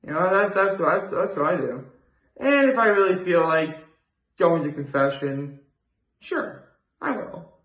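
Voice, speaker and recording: A man's voice: on the high side, animated, moderate pace, a bit bright. A young man hosting a daily video, rambling and digressing as he thinks aloud in a casual solo monologue. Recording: echoey room.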